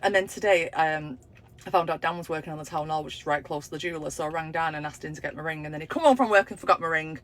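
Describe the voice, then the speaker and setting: Fast-talking woman. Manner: animated, acts out quoted voices with big pitch jumps. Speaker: storyteller. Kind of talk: casual chat.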